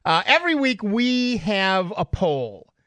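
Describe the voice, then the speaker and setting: A man's voice: high-pitched, sing-song, slow, bright, forceful tone, no room sound. A man hosting a radio talk show, chatty and joking with his co-hosts. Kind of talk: casual radio banter.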